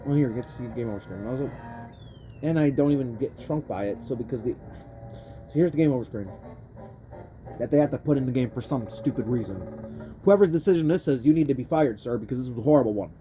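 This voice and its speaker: A woman's voice: a bass voice, quick pace, pauses often, warm tone, slight background noise. A young woman commenting on a racing game she is playing, ranting with lots of profanity, frustrated and rambling, often breaking off mid-sentence. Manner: frustrated, rambling self-interrupting talk. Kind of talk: let's play commentary. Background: faint game music.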